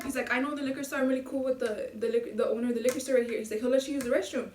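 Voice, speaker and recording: A woman's voice: on the high side, racing, hardly any pauses. Slangy young woman telling a story. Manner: slangy, profane, animated retelling with quoted dialogue. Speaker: vlogger. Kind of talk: casual storytime. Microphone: low-quality camera mic. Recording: echoey room, mic at a distance.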